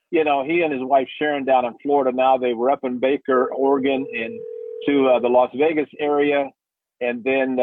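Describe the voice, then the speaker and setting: An older man telling rambling stories on a radio sports show, with many restarts. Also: mid-range voice. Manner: rambling, warm storytelling with restarts. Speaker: radio analyst and former player. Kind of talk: casual radio chat. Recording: dry, phone-like radio line.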